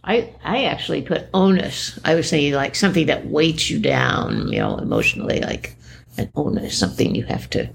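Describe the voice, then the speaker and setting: A woman's voice: deep voice, wildly swooping pitch, moderate pace, creaky, husky. A woman from northeast Wisconsin co-hosting a crossword podcast, agreeing in short replies and giggling often. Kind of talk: casual chat.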